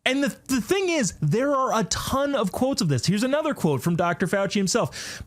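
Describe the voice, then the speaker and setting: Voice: mid-range voice, very animated, normal speed. A talk show host giving a sarcastic political commentary monologue, with mocking asides and a conversational delivery full of restarts.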